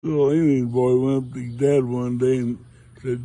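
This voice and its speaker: A man's voice: medium pitch, little pitch movement, normal speed, dark tone, poor audio. An older man telling dirty jokes outdoors in a folksy, rambling way, leaning on lots of "well"s. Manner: folksy rambling delivery with many wells. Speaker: joke teller.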